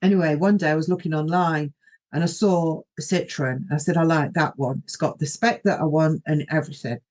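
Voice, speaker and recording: A woman's voice: low-pitched, steady tone, brisk, a little mellow. A middle-aged woman, hosting a podcast and telling a personal story in a rambling, anecdotal way, often quoting herself. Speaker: podcast host.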